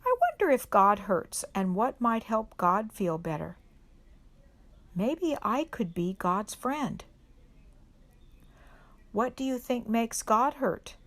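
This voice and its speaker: A woman reading a children's picture book aloud at a church service for kids, gentle and unhurried, pausing to put questions to the children. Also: on the high side, lively intonation. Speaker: reader at a children's worship service.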